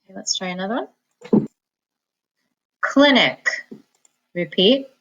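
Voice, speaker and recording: A woman teaching a reading lesson, slowly sounding out words and syllables and pausing for the listener to repeat them. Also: on the low side, bright, forceful tone, lo-fi sound. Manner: slow, patient enunciation of words and syllables; repeats each word for the listener to echo. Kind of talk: phonics lesson, slow and clear.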